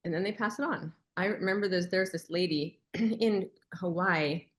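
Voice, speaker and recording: A woman's voice: fairly low pitch, moderate pace. Woman telling stories on a webinar. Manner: lively storyteller who acts out quoted lines. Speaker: webinar co-presenter. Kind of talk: casual webinar talk.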